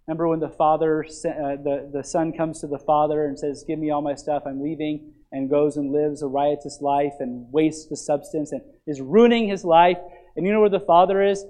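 A man's voice: fairly high pitch, normal speed, poor audio. A man preaching a sermon as pastor, explaining scripture and asking the listeners questions. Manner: animated preaching, asks the congregation questions.

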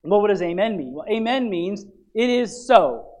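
High-voiced man preaching a lively sermon. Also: moderate pace, rough recording. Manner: animated, emphatic preaching with frequent restarts. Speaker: pastor. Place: church.

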